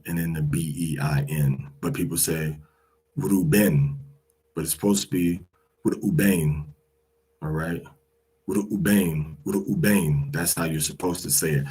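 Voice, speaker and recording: A man with a low, husky voice gives a slow, unhurried lesson. He explains each sound patiently and repeats every pronunciation several times. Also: a little mellow. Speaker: teacher.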